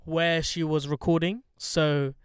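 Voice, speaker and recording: A man's voice: a little high, flat delivery, slow, clear, resonant tone, no room sound, studio quality. A man hosting a podcast, chatting in a blunt, joking, sweary way with lots of slang. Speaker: podcast host. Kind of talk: casual chat.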